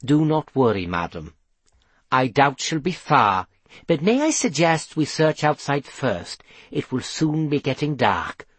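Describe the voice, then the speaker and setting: A man's voice: medium pitch, big pitch swings, measured pace, fairly bright tone, slightly rough, dry recording, heavily acted. A man voicing a courteous aristocratic count who speaks formally. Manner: polite, formal.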